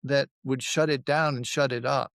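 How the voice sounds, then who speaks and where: Man, gravelly, mid-pitched, measured counselor, reassuring, dry sound. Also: fairly even intonation, fairly bright tone, no echo. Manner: measured, reassuring, thinking aloud. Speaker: recovery counselor. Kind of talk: conversational coaching.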